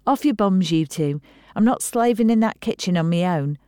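A woman's voice: mid-range voice, animated, normal speed, warm tone, smooth, no room sound, lightly acted. A woman reading an audiobook voices a woman hosting Christmas dinner, wry and bossy, close to her own voice.

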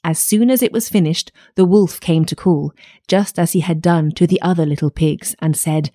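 A woman reading a fairy tale aloud in a lively, expressive storytelling manner. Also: on the low side, normal speed, dry recording, clean studio sound.

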